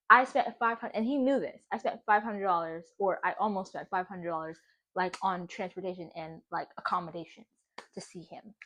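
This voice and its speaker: A young woman spilling a story in her home kitchen as she bakes. She talks casually and swears freely. Her voice is lively and animated, and she laughs often. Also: mid-range voice. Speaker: vlogger. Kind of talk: casual storytelling while baking.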